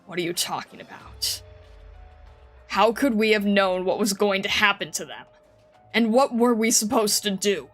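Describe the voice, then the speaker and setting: A woman's voice: medium pitch, normal speed, natural voice. A woman voicing a wary, defensive middle-aged male farmer who talks in a blunt, grumbling way, over faint background music. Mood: scornful.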